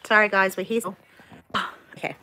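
A woman's voice: medium pitch, normal speed, vocal fry, sharp tone. Chatty woman hosting a live stream. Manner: chatty, reads viewer comments, laughs easily. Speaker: vlog host. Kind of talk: casual live-stream chat.

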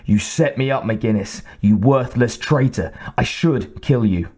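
A man playing a furious, battered colonel who speaks low, slow and threatening. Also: a little mellow, husky. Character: furious battered male colonel, cold and menacing.

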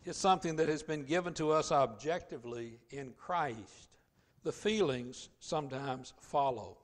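A male pastor delivering a sermon with a fairly high voice. He drives his points hard, falling to soft, quick asides and then climbing back to loud, drawn-out emphasis. It sounds like a church service. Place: church sanctuary.

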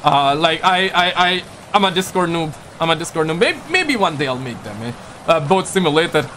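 A man's voice: fairly high pitch, big pitch swings, a little fast, bright, forceful tone, slight background noise. A man from Pakistan, chatting casually on a live stream, joking and rambling as he reads viewer comments aloud. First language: Urdu. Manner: joking, rambling, playful slang. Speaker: livestreamer.

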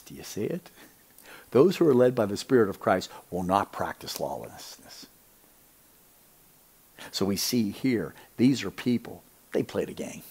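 A man teaching on scripture in an animated preaching style. He talks emphatically, often asks his listeners whether they see his point, and drops to a hushed voice to stress a line. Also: fairly low pitch, a little slow, gravelly, long pauses, husky. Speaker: Bible teacher.

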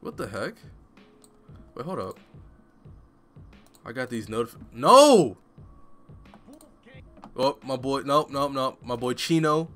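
Chill guy streaming a game, slow bright voice, lotta slang and jokes. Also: mid-range voice, faint music behind. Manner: joking, self-mocking, street slang. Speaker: gaming streamer. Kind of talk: live game stream commentary.

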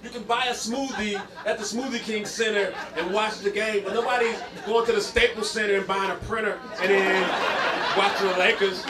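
On a comedy club stage, a stand-up comedian with a high-sitting voice tells animated stories at a moderate pace, hammering home punchy, repeated punchlines. The live recording picks up crowd noise and audience laughter.

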